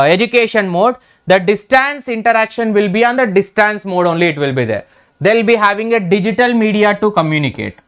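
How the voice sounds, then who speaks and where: A man's voice: high voice, fairly bright tone, clean tone. A middle-aged man with an Indian English accent, teaching an exam revision lecture, repeating key terms and checking in with "right?".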